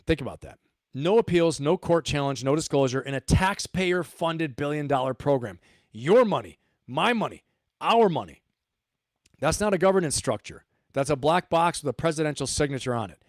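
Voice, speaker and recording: A man's voice: medium pitch, dry recording, clean studio sound. A man hosting a livestream, giving emphatic commentary and repeating his points for stress. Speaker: host.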